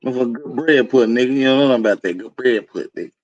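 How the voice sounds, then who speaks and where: A man hosting a live stream, reacting to a video in a casual, slangy and excitable way. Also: medium pitch, racing, dry recording, highs cut off.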